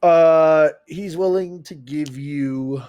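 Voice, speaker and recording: A man's voice: a little high, takes it slowly, a little mellow, smooth, no room sound. A man running a tabletop game as dungeon master, talking casually and laughing often as he narrates.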